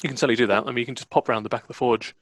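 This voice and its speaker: A man running a tabletop roleplaying game as dungeon master, chatty and relaxed, often laughing with the players. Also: mid-range voice, racing, no room sound.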